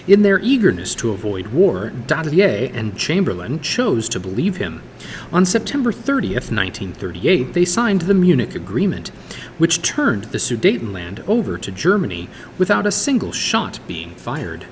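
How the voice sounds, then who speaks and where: Male teacher type reading a textbook aloud, lively pitch, echoey room. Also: normal speed, slight background noise. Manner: steady reading with occasional small stumbles and self-corrections. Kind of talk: read-aloud textbook narration.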